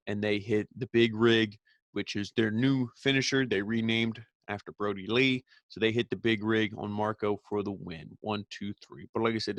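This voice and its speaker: A man with a lowish voice talks through a wrestling show recap, rambling and opinionated, stopping and restarting his thoughts. The recording is dry and close, with no room sound around him. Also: no room sound. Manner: rambling, opinionated, frequent fillers.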